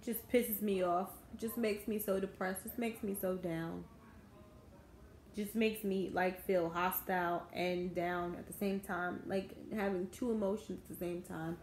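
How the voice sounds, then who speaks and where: A woman's voice: medium pitch, steady tone, a little slow, a little mellow. A woman, ranting to her viewers in a bitter, indignant vlog. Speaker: vlogger. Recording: echoey room, faint background noise.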